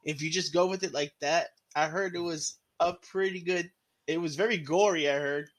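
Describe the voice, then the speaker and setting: A man chatting as a podcast guest, rambling and excitable, swearing freely. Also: fairly high pitch, normal speed. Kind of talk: casual podcast chat.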